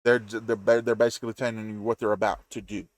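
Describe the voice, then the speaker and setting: A man's voice: fairly low pitch, level tone, fast, no room sound. A man from the Southern US, hosting a reaction video with chatty, folksy commentary in a Southern accent. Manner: chatty, folksy, playful asides.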